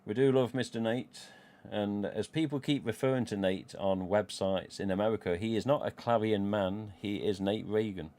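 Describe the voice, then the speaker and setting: A middle-aged man from England with a Midlands accent hosts a live stream, chatting casually, rambling and swearing freely. His lowish, mellow voice moves at normal speed with few pauses.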